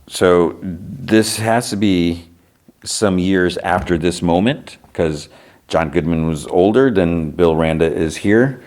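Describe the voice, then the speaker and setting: Guy with a really deep voice rambling thru an episode recap, lots of "like". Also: takes it slowly, a little mellow. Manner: rambling, filler-heavy retelling with quoted dialogue. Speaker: podcast host.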